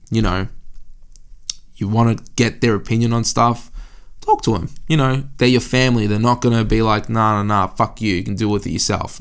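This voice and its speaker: Candid, swearing young man on a podcast. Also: lowish voice. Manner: candid and rambling, swears often, many fillers like "like". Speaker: podcast host. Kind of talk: casual solo podcast monologue. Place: indoor room.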